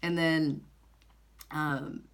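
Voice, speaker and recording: Woman, low voice, bubbly, laughs often, casual church announcement, stumbles over words. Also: flat delivery, drawn-out words, vocal fry. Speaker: worship leader and preacher.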